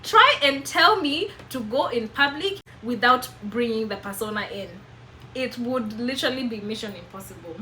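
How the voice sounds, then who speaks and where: Kenyan woman vlogger, bright higher voice, candid and animated, faint hiss behind. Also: normal speed, poor audio. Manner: candid and animated, repeats and restarts phrases. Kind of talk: casual chat to camera.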